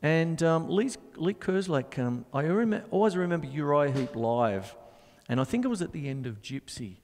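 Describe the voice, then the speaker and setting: A man's voice: fairly high pitch, expressive, moderate pace, darkish tone, in a large hall. A middle-aged man hosting a live drum show, chatting in a rambling way and scatting drum rhythms. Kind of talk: casual live-stream chat and drum demonstration.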